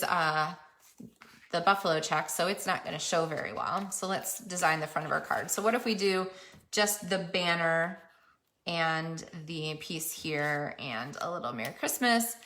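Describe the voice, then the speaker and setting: Female crafter, lower-pitched, easygoing chatty tutorial narration. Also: a bit bright. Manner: chatty, self-narrating while working. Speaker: papercraft demonstrator.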